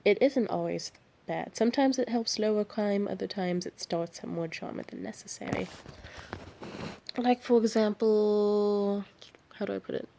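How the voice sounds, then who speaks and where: A woman's voice: medium pitch, a little fast, creaky, mellow, a little hiss or hum. A tired woman from the San Francisco Bay Area, ranting late at night in a heated, profane, rambling way. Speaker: vlogger.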